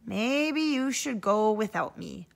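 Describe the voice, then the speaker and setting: A woman's voice: on the high side, lively intonation, takes it slowly, gravelly, full character voice. A woman voicing a laid-back, joking male detective who talks in a dry, playful way.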